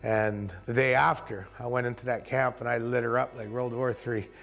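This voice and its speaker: A man, a kayak camp owner, telling a story in casual, animated fashion and acting out other people's voices. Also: mid-range voice, normal speed, creaky, soft background music. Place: outdoors at a rocky bay.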